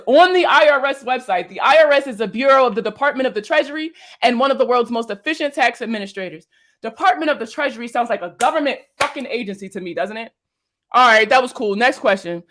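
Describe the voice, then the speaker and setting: A woman's voice: on the high side, animated, a little fast, a bit bright. A young woman, a finance creator, reacting to viewer comments in casual talk, blunt and exasperated, swearing and firing off rhetorical questions.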